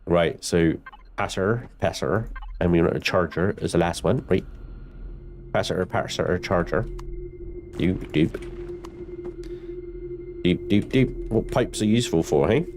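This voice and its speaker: A man's voice: deep voice, normal speed, darkish tone, soft background music. A man commenting on a live space game stream, chatty and joking at his own expense. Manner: chatty, jokey, self-mocking.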